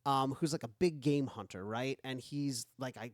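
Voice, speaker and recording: A man's voice: medium pitch, normal speed, no room sound. A man co-hosting a comedy podcast, chatting casually and rambling with lots of fillers into a close studio mic. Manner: animated, rambling with many fillers. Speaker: podcast co-host.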